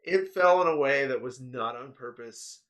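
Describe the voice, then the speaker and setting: Laughing, animated young man telling stories. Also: medium pitch, normal speed. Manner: animated storytelling with frequent laughter and swearing. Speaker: podcast co-host. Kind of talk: casual chat.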